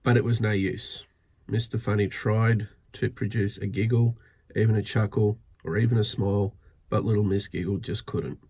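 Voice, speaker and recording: A man reading a picture book aloud at bedtime, pausing to point out each picture. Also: fairly low pitch, steady tone, mellow, breathy edge. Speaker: storybook reader.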